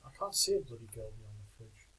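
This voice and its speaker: A man's voice: fairly low pitch, very animated, fast, pushed and bright, rough recording. A man giving casual reaction commentary on videos in a dry, wry, skeptical manner, with the odd chuckle.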